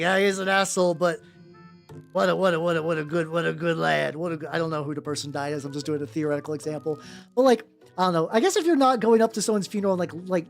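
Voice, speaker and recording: A streamer chatting casually while painting miniatures, rambling with many stammered restarts and casual swearing. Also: mid-range voice.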